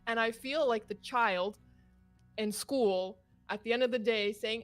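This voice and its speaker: Canadian woman co-caster, higher voice, lively chatty storyteller over faint music. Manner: animated storyteller, quick laughs. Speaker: esports caster. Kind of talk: casual stream chat.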